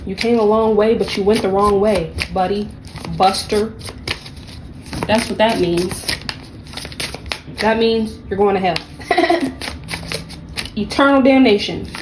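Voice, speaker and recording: A woman's voice: mid-range voice, slow, long pauses, noisy background. Blunt, profane woman reading tarot. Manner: blunt, profane and sassy, with mocking asides. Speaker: tarot reader.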